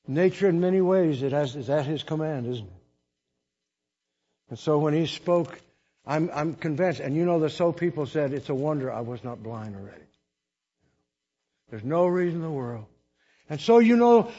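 Husky high-voiced man preaching folksy. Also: warm tone, muffled recording. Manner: folksy, rambling with restarts and laughs. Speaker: missionary preacher. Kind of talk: storytelling sermon.

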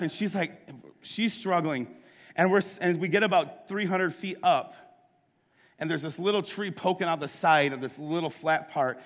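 A middle-aged man preaching a sermon, telling a story with lively acted-out dialogue. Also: a little high, normal speed. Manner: animated storyteller, acts out the dialogue. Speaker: pastor. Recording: long hall reverb.

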